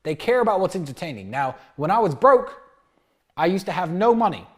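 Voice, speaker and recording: A man in his thirties giving a brash, animated dating lecture, often acting out bits of dialogue. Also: sits high, brisk. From United Kingdom. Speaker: dating coach. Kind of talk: lecture-style monologue.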